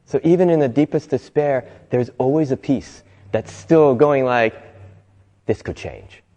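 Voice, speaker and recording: Speaking at medium pitch and normal speed with a warm tone, a male host gives a reflective motivational talk. He tells stories in an earnest way, laughs often and briefly imitates the people he quotes, all captured with long reverb.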